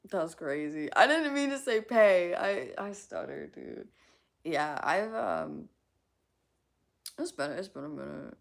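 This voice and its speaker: Woman, live streamer, casual chat, gravelly, bouncy intonation, frequent giggles, casual swearing. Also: sits low, sing-song, takes it slowly, pauses often.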